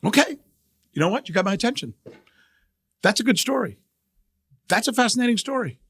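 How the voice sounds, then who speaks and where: A middle-aged man hosting a news podcast, talking in a fairly high register with a gravelly, fry-laden edge. He argues his point with emphatic, animated repetition, like a seasoned journalist riffing off the cuff. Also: a little fast, no echo. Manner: animated, emphatic, repeats phrases for effect. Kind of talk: casual news commentary.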